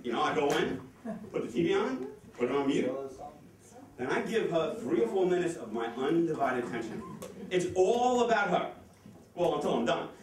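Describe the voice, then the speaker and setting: High, lively stand-up comic in an echoey club. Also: male voice, recorded from a distance, crowd noise. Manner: fast, excitable, profane delivery. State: nervous, sweating. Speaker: stand-up comedian. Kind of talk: stand-up comedy set. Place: comedy club stage. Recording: echoey club audio from afar. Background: audience laughing.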